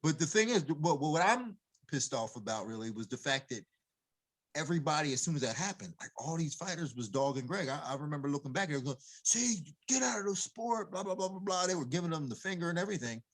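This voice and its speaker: Animated, heated man ranting. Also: a little high, fast. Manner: heated, emphatic, laughs when fired up. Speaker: MMA coach, podcast guest. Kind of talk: casual podcast chat.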